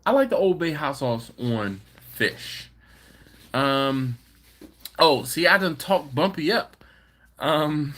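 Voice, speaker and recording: A man's voice: mid-range voice, a bit bright. A man hosting a barbecue live stream, casually reading viewer comments with playful, slangy banter. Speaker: barbecue channel host.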